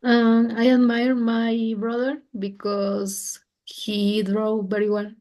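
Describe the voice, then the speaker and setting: A female student giving a slow, hesitant answer in an online class. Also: a little high, completely flat delivery, darkish tone.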